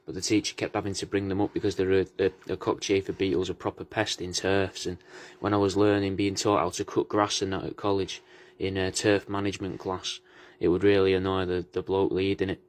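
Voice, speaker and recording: A man's voice: deep voice, level tone, a little fast. A man rambling casually to camera in a comedic monologue, full of restarts, swearing and "mate". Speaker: comedy vlogger playing a taxidermist.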